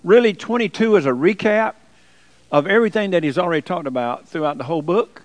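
High-voiced preacher, folksy. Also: male voice, lively intonation, fast, dry recording. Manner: folksy storytelling, rising to emphatic preaching. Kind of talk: sermon.

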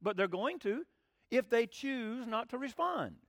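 A man's voice: very high-pitched, big pitch swings, measured pace, vocal fry, no echo, clean studio sound. A male preacher, giving a folksy sermon, often asking the congregation questions and acting out quoted voices.

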